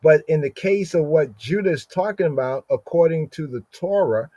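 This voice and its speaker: A man teaching from scripture on a livestream, reading Hebrew verses slowly and explaining each word, asking "right?" after nearly every phrase. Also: fairly high pitch, expressive, dark tone, no echo, lo-fi sound. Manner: explains Hebrew words aloud, repeats "right?" constantly; slows down to read Hebrew verses. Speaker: Bible teacher.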